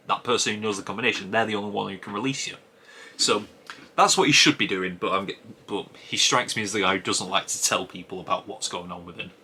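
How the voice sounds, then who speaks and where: A man's voice: lowish voice, sharp tone, a little hiss or hum. A man giving a casual spoken review of a TV episode, musing aloud and rambling with frequent restarts.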